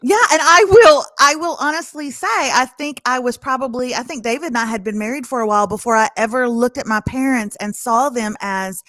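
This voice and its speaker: A woman in her forties speaking candidly in casual chat, with a voice sitting a little high for a woman and a quick laugh. The recording is dry and close, with no echo. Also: fairly bright tone. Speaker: podcast host. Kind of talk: casual conversation.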